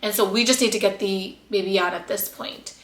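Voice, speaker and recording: A woman's voice: mid-range voice, steady tone, fairly quick, roomy sound. A young woman telling her birth story to her viewers in a chatty, emotional way, with lots of fillers. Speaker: vlogger. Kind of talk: casual vlog storytelling.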